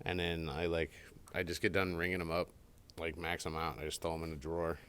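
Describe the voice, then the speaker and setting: A man's voice: sits low, flat delivery, fast, a bit bright, smooth. A man co-hosting a casual podcast, telling a long rambling story and acting out the people in it. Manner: rambling storyteller, acts out quoted voices. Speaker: podcast co-host. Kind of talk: casual chat.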